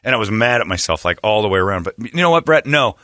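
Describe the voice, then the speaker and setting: A man with a fairly low but bright, forceful voice tells an animated story on a morning radio show. He talks close to a studio mic in a dry room, with little echo around him. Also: quick pace. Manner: animated storyteller, slips into silly put-on voices. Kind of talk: casual morning-show banter.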